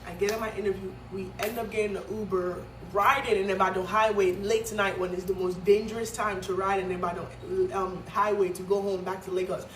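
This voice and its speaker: A woman's voice: mid-range voice, level tone, a little fast, hardly any pauses, noisy background. A woman from Nigeria telling a story in a vlog, dramatic and emphatic, with many fillers. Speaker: vlogger. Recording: echoey room, mic at a distance.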